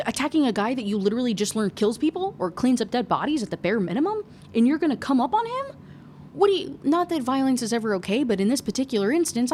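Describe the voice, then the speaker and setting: A young book reviewer rants casually through a novel's plot, loose and chatty, full of sarcasm and swearing, clearly exasperated with the characters. Her voice is medium-pitched and a little mellow. A faint noise sits underneath.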